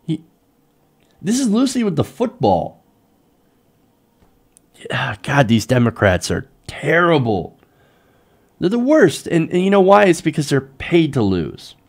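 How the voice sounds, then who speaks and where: A male host delivers a heated political rant, his pitch leaping up and dropping low as he works himself up. He sounds exasperated and mocking, as if fed up with what he is talking about. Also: measured pace, long pauses. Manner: animated, exasperated ranting with mocking quoted voices. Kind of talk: political commentary show.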